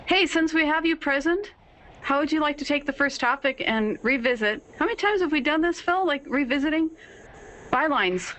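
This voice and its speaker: Bright, high-voiced woman hosting a call. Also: animated, moderate pace, low-quality recording. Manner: upbeat, laughs often. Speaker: hangout host. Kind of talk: casual group video chat.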